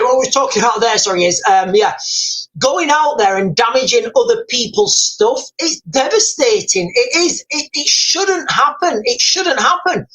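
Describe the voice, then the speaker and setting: A man's voice: high voice, a bit bright, poor audio. Guy on a live stream, rambly, keeps saying guys, reads out chat. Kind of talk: casual live stream commentary.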